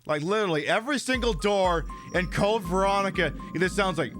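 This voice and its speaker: Excitable, cursing game streamer man. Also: high voice, brisk, faint music behind. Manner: excitable, profane, jokey. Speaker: gameplay streamer. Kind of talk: let's-play commentary.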